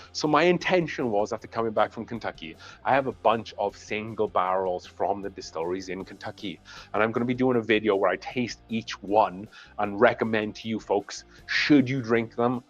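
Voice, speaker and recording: A man's voice: fairly low pitch, dull audio. A man with a Welsh accent hosting a casual whiskey livestream, chatty and easygoing, thanking viewers by name. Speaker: whiskey channel host. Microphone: clip-on mic on his shirt.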